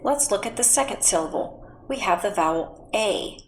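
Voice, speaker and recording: A woman teaching a phonics lesson to children at home, speaking slowly and patiently and spelling words out letter by letter. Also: mid-range voice, animated, a little hiss or hum, poor audio. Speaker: reading teacher.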